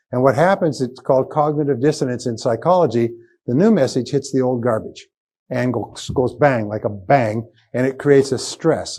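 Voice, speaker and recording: A man's voice: medium pitch, dark tone. An older man giving a motivational seminar talk to a live audience, speaking emphatically and repeating key phrases. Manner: emphatic, repetitive, rising to punchy exclamations.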